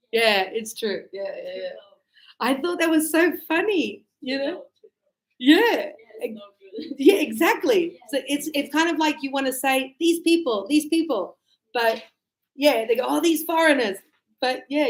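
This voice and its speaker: A woman English teacher explaining casually to her class and acting out little quoted exchanges. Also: high voice. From Australia. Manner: animated, acts out short quoted exchanges.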